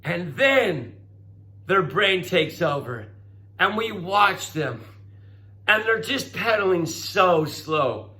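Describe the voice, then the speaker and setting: Male teacher, middle-aged, lively classroom lecturer, high bright voice with big swings. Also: slow. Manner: animated, coaxing, acts out voices.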